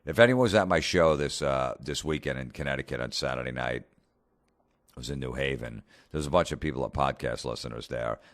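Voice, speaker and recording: A comedian hosting a podcast, telling a blunt, profane story in a casual rant. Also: male voice, very deep voice.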